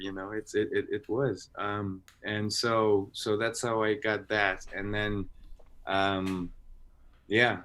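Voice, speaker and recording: A man's voice: fairly low pitch, a bit bright. A man chatting as an actor guest on a video-call interview, rambling with many restarts. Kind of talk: casual interview chat.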